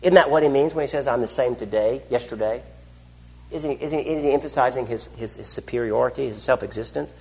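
A man preaching a sermon, asking his listeners rhetorical questions and swinging between loud declarations and hushed asides. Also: mid-range voice, fast talker, vocal fry, in a large hall. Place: church.

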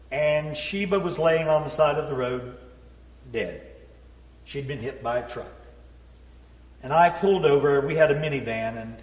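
A man telling a personal story in a sermon, folksy and self-deprecating, dropping to a low hush at the sad parts. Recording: roomy hall reverb, dull sound.

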